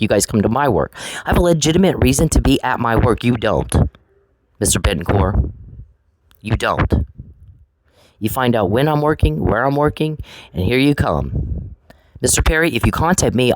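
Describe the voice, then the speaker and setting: A man's voice: mid-range voice, lively intonation, a little fast, a little hiss or hum, rough recording. A man speaking an angry, profane monologue straight at the people he accuses, repeating himself as he goes. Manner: angry, profane, addresses named people directly; repetitive, accusatory. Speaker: vlogger. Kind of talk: confrontational monologue.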